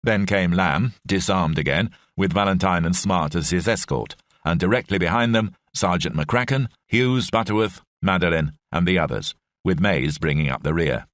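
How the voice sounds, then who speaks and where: A man reading an audiobook in measured, expressive scripted narration. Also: sits low, dry recording.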